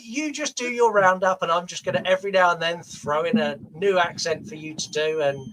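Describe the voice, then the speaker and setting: A man's voice: high-pitched, brisk, noisy background. A man with a Southern British accent co-hosting a podcast, teasing and playfully pushy in casual banter. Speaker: podcast co-host.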